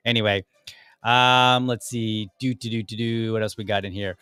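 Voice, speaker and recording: Low-voiced man, a bit under the weather. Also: steady tone, normal speed, bright, forceful tone, clear, resonant tone, no echo, clean studio sound. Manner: opinionated, rambling, frequent restarts. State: under the weather, voice deeper than usual. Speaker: podcast host. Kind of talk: casual political commentary.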